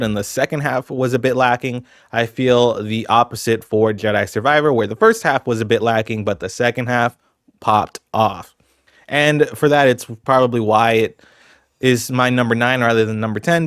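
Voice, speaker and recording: A man's voice: medium pitch, dry recording, studio quality. A man casually talking through his ranking of video games, rambling and conversational with lots of asides. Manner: chatty, rambling, fillers like "you know". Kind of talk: casual commentary.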